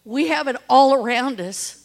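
In a high-sitting voice at a moderate pace, a middle-aged woman earnestly testifies about her street ministry. She shares stories and performs the words of the people she met.

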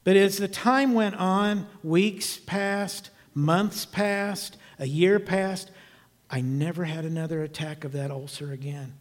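A man's voice: sits high, slow, long reverb tail. A man in his sixties preaching a sermon, telling a personal testimony in an earnest, emphatic storytelling way. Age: 60s. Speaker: evangelist.

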